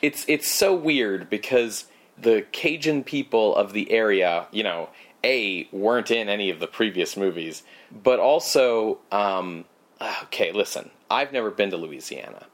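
His voice is on the low side, animated and a little slow. As a podcast co-host, he rambles through a relaxed movie recap full of fillers and sarcasm.

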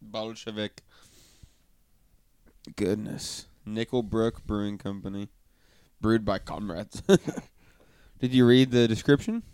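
A man's voice: lowish voice, takes it slowly, pauses often, a little mellow, clean tone, no echo. A man co-hosting a casual beer-tasting podcast, joking and laughing often while reading beer labels aloud. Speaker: podcast co-host.

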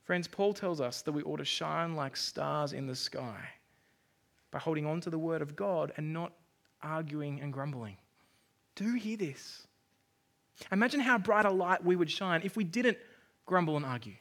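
A man's voice: fairly high pitch, moderate pace, creaky, fairly bright tone. A male pastor preaching a sermon in a conversational, self-deprecating way.

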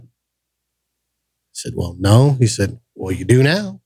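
A man hosting a podcast, telling a personal story in a casual, animated way and acting out the voices of the people in it. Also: fairly low pitch, slow pace, breathy edge, no room sound. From grew up in the projects. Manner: animated storyteller, acts out quoted voices, frequent restarts. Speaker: podcast host.

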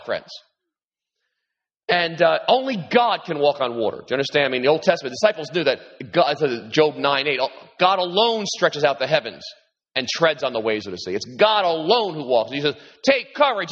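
A man preaching a sermon as pastor, animated and repeating himself, his voice lifting when he quotes Jesus. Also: moderate pace, slightly rough. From New York. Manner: animated, repeats words, rises in pitch when quoting Jesus. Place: large hall with congregation. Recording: echoey hall, dull sound.

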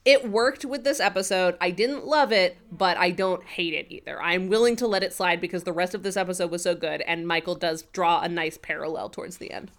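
A woman's voice: on the low side, fairly quick, hardly any pauses. A woman in casual podcast chat, recapping an episode and acting out characters' lines as she retells scenes. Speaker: podcast co-host.

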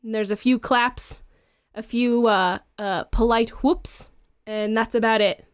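A woman narrating a tabletop game as game master, telling the story in a relaxed way with casual fillers. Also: a little high, a little slow, clear, resonant tone, no room sound.

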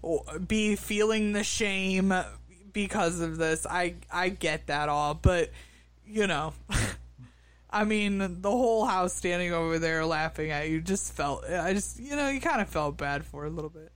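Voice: mid-range voice, measured pace, clean tone. A podcast co-host casually recapping a reality show, full of fillers and restarts. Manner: hesitant, many fillers and restarts.

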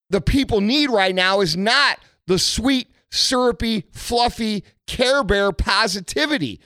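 A man with a high voice delivers a blunt motivational rant, cursing freely as he drives his points home. The sound is dry and close, with no room around him. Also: pushed and bright, dry recording. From United States. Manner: blunt, aggressive, heavy swearing. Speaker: motivational speaker.

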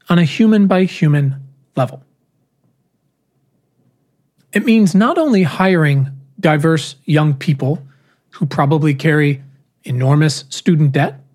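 A speaker giving a prepared keynote talk, with measured, rhetorical phrasing and emphatic pauses. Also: mid-range voice, darkish tone.

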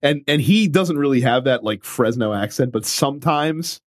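Lively man chatting on a gaming podcast. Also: mid-range voice, normal speed. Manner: lively, laughing, loose banter. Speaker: podcast co-host. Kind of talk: casual gaming podcast chat.

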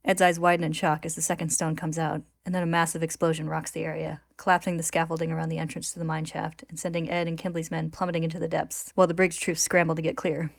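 A woman reading a story recap aloud in a steady, even narration for a podcast. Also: deep voice, fast talker, vocal fry, hardly any pauses, dry recording, clean studio sound. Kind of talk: reading a recap aloud, then casual chat.

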